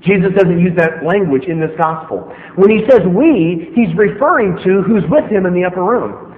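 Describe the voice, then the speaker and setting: A man's voice: high-pitched, lively intonation, normal speed. A man preaching a sermon, emphatic and joking, speaking straight to his listeners. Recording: echoey hall, dull lo-fi sound.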